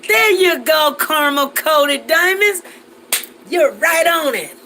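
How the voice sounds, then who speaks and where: A woman's voice: sits high, expressive, takes it slowly, pushed and bright, slight background noise, poor audio. A woman in her forties hosting a casual live chat, reading viewer comments and laughing often as she talks. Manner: chatty and laughing, with Southern Black American vernacular.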